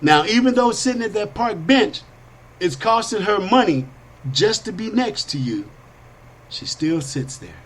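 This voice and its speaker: Man, high voice, animated storytelling, slangy, preachy monologue. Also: unhurried. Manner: animated, swings between high whiny voices and low asides. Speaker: podcast host.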